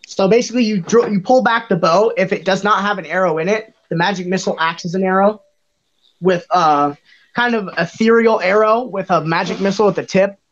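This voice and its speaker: A man's voice: sits high, fairly quick, fairly bright tone, a little hiss or hum. A young man narrating a tabletop game as its dungeon master. He describes the scene casually and teases his players with blunt, curse-laced jabs. The recording sounds muffled and lo-fi. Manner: blunt, teasing, swears casually.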